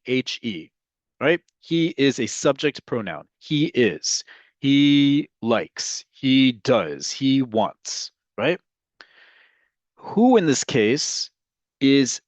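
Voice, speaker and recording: A man's voice: mid-range voice, dry recording. Man teaching Hebrew grammar, dry sound. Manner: explanatory, repeats "right?" to check understanding. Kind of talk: online language lesson.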